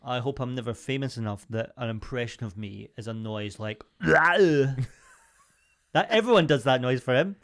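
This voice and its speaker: A playful man co-hosting a podcast, his voice swooping up and down with lots of life. He chats in a goofy, joking way at a middle pitch. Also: lively intonation, normal speed, a bit bright. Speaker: podcast co-host. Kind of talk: casual comedic chat.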